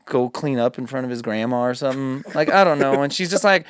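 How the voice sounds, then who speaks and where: A man hosting a podcast, telling a story in casual chat, animated, swearing and acting out quotes. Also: mid-range voice, fast talker, hardly any pauses, smooth, no echo, studio quality. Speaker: podcast host.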